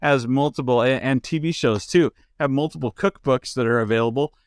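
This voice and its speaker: A man's voice: mid-range voice, fairly quick, smooth, no echo, studio quality. A man hosting a podcast in casual chat, rambling with lots of restarts and fillers, from the United States. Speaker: podcast host.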